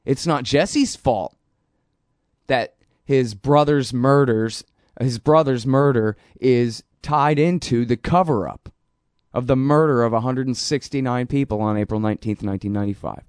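A man's voice: medium pitch, smooth, no echo. Man, talk radio host, blunt and slangy, dry close mic. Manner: blunt, slangy and fast-talking, trails off into mumbles. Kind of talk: casual talk radio monologue.

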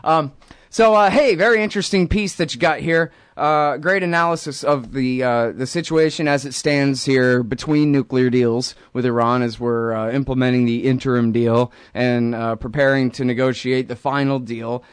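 A blunt, sarcastic man hosting a radio talk show, with an ordinary mid pitch. He rants with heavy fillers and hesitations. The studio sound is dry and close. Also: steady tone, normal speed, smooth, no room sound. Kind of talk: opinionated radio talk and interview.

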